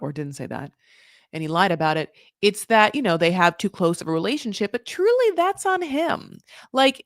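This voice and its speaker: A woman hosting a casual recap show, talking in an animated, gossipy way with sudden jumps in pitch and loudness, dropping "honey" and "like" all the time. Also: creaky, no room sound, studio quality. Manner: says "honey" and "like" often. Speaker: podcast host recapping a reality show. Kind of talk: casual commentary.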